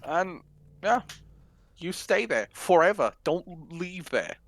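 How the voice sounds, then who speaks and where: A man's voice: sits high, sing-song, slow, fairly bright tone, no room sound, rough recording. A man co-hosting a political podcast, talking casually in an offhand, sweary manner. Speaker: podcast co-host.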